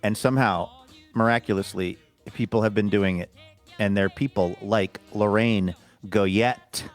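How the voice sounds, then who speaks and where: A man's voice: fairly low pitch, fairly even intonation, a little slow, faint music behind. A man co-hosting a podcast in casual chat, rambling and self-deprecating. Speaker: podcast co-host.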